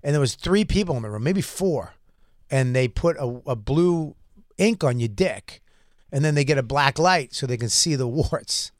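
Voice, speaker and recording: A man's voice: medium pitch, animated, normal speed, no room sound, studio quality. A male comedian guest on a talk show, telling crude jokes and stories in casual banter.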